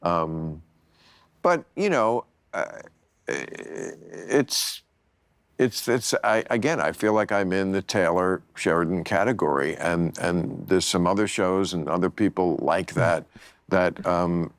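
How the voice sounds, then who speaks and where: A man's voice: deep voice, takes it slowly, dry recording. A man hosting a casual podcast chat, blunt and opinionated, swearing freely. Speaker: podcast host.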